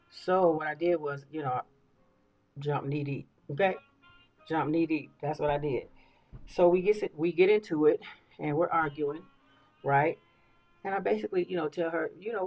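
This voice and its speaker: A woman's voice: deep voice, lively intonation, moderate pace, vocal fry, long pauses, a little mellow, soft background music, rough recording. A woman in her fifties talking casually while getting ready, telling stories animatedly and often repeating phrases and checking in with listeners. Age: 50s. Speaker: beauty vlogger. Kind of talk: casual get-ready-with-me talk.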